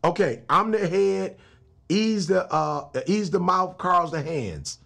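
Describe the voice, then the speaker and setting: A man's voice: high voice, expressive, slow, vocal fry, a bit bright. A middle-aged man, a motivational speaker and pastor, talking as a guest in an emphatic, slangy, preacher-like way. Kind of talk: casual interview talk.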